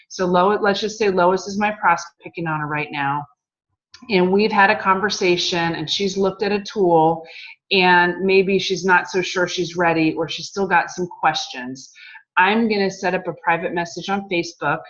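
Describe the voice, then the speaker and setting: A woman coaching her team on a group call, upbeat, acting out sample messages. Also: lowish voice. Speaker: team leader on a conference call. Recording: muffled lo-fi call audio.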